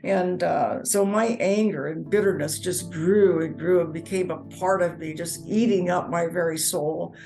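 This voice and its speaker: A woman's voice: lowish voice, fairly even intonation, creaky, mellow, soft background music, rough recording. Earnest woman telling a personal testimony. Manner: halting, repeats words, earnest. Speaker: near-death experience storyteller.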